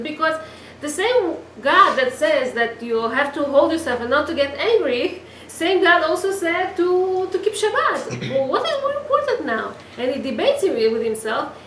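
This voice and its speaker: High-voiced woman teaching. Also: slight background noise. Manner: animated storytelling with many restarts. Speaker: Torah teacher. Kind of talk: weekly Torah class. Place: class room. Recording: echoey room, mic from a distance.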